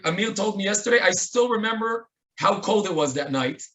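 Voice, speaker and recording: A man with an Israeli accent talks a little fast with few pauses, his high voice sharp in tone. Speaking into a webinar microphone, he earnestly honors someone at a remembrance webinar through stories with quoted lines.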